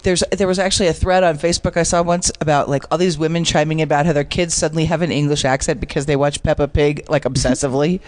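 A woman telling an indignant story in a casual group chat, animated and expressive. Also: deep voice, fast, few pauses.

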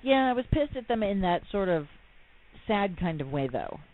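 A woman's voice: mid-range voice, very animated, normal speed, phone-quality sound. A woman co-hosting a casual chat show, teasing and laughing often. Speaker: co-host.

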